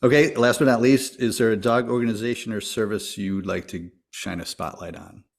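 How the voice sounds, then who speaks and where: A man's voice: fairly low pitch, steady tone, a little fast, gravelly. A man hosting a podcast, asking casual interview questions in an upbeat way and chuckling often. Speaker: podcast host.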